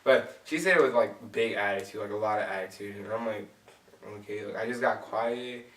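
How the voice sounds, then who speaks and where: A man's voice: fairly low pitch, brisk. Young guy telling a story all jokey and dramatic, echoey room, mic kinda far. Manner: joking, mock-dramatic, trails off softly. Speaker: co-host of a couple's channel. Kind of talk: casual storytelling chat.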